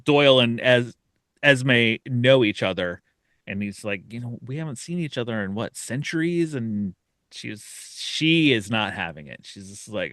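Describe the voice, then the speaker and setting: A man's voice: medium pitch, a little slow, no room sound, clean studio sound. Man eagerly recapping a horror short. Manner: animated retelling, acts out the characters' lines with laughter. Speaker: podcast host.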